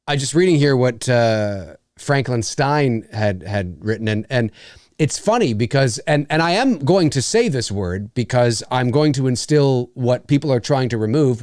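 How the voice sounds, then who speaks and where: A man's voice: mid-range voice, animated, a little slow, darkish tone, no room sound, studio quality. A middle-aged man from Canada co-hosting a podcast in casual chat, rambling and emphatic, blunt about not caring. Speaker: podcast co-host.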